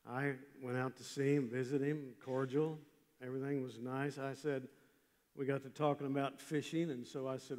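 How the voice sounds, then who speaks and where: An older man preaching a chapel sermon, telling a story with emphatic swings from loud passages to hushed ones. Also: mid-range voice, level tone, moderate pace. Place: large chapel. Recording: long hall reverb.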